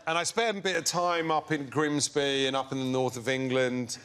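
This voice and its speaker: A man telling comic stories as a guest on a chat show, playing the people in them in an animated way. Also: mid-range voice, moderate pace, clear, resonant tone. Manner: animated storyteller doing the voices of people in his stories.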